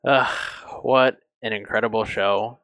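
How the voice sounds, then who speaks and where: Young male reviewer, lowish voice, dry close sound, emotional and halting delivery with frequent swearing. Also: steady tone, fairly bright tone, dry recording. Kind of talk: casual review.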